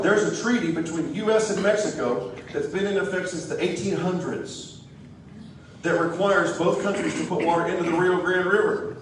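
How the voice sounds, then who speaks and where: A man's voice: a little high, background noise. A man giving a folksy, joking, rousing campaign speech to a crowd in a church hall. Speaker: political candidate. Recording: echoey hall, distant mic.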